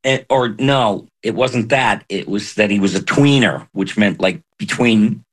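A man who is a voice actor, speaking earnestly and haltingly as a guest in an interview. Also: lowish voice, breathy edge. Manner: halting, earnest, soft-spoken. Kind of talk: candid interview talk.

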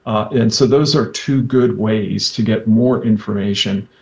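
A man who is a state health director, answering interview questions on the radio haltingly, with many ums and uhs. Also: on the low side, gravelly, a little mellow, lo-fi sound.

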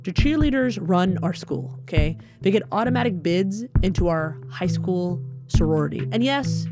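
A woman from Alabama telling a personal story in a lively way, acting out the dialogue. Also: on the low side, normal speed, loud music behind the voice. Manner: animated, acts out dialogue.

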